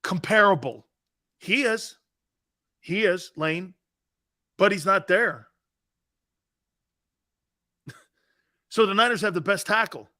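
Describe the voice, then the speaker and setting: Male sports radio host, high and bright-toned, brash and argumentative, slangy banter. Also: takes it slowly, long pauses. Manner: brash and emphatic, slangy with frequent "man" and "dude"; argumentative, laughing off callers' views.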